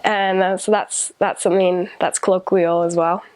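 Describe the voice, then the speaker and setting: A woman's voice: lowish voice, little pitch movement, normal speed, darkish tone, no echo. A young American woman, a returned missionary, recalling her time abroad in casual chat, with many ums and restarts. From United States. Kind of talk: casual personal recollection.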